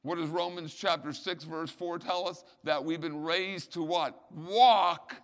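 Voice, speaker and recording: A man's voice: fairly high pitch, flat delivery, a little slow. Fervent preacher man in a reverberant hall. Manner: emphatic Bible teaching with rhetorical questions, rising to loud peaks. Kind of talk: sermon.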